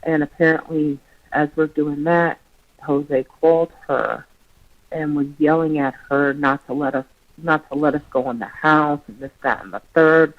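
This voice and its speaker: A woman's voice: low voice, fairly even intonation, a little slow. Rambling woman on dull lo-fi audio. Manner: rambling, heavy with "you know" fillers. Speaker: guest, relative of the missing child's mother. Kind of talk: conversational storytelling.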